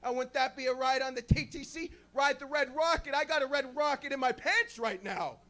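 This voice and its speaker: A man doing a crude, rambling stand-up set, joking about being high. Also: brisk, sharp tone. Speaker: stand-up comedian. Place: small club stage with a live audience.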